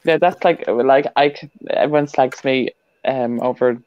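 A woman with a Dublin accent chatting casually, telling a quick story to a friend. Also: extremely low pitch, dry recording, highs cut off. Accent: Dublin Irish. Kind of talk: casual chat.

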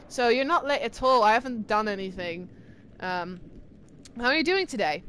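A woman streamer chatting casually with her live viewers, excitable and talkative as she answers chat. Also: medium pitch, normal speed, a little hiss or hum. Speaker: game streamer.

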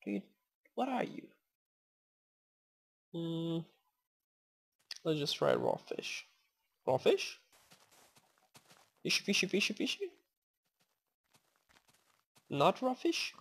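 A woman casually commenting while she plays, rambling, thanking viewers and coaxing in-game animals aloud, swearing in sudden excited outbursts. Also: lowish voice, takes it slowly, creaky, long pauses, slightly rough. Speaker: gaming channel host.

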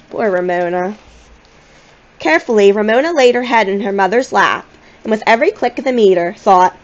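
A woman reading a children's novel aloud in a gentle, expressive storytelling manner. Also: medium pitch, a little fast, highs cut off. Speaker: audiobook reader.

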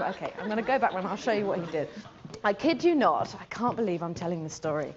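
A woman in her forties from England, an actress telling a comic story to an audience in an animated, giggly way. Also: mid-range voice, quick pace, very noisy. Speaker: actress guest. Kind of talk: comic anecdote before an audience. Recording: muffled audio, loud audience.

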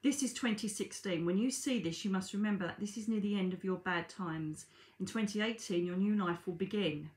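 A woman's voice: mid-range voice, a little fast, hardly any pauses, a little mellow, natural voice. The earnest spirit of a loving dead father, as a woman reads him out. He urges and pleads in a plain, mid-range voice that rings with room echo. The delivery stays close to an everyday reading voice. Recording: echoey room.

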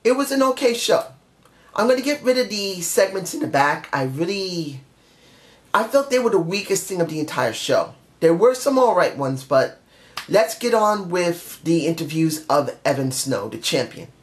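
A man's voice: high-pitched, sing-song, normal speed. A man reviewing a wrestling show in a casual spoken style, blunt and exasperated, firing off repeated questions.

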